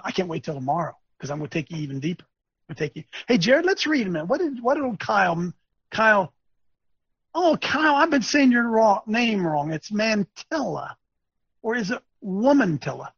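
Male webcast host, preachy ranter; raspy, gravelly delivery that lurches from shouts to mutters. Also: sits high, big pitch swings, brisk, dry recording. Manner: emphatic, repetitive, swings between shouting and muttering. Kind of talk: preachy ranting commentary. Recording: dull lo-fi dry recording.

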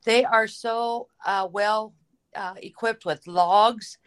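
A woman's voice: mid-range voice, steady tone, takes it slowly, clear, resonant tone. A woman calling in to a talk show, earnest and a little rambling. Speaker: caller.

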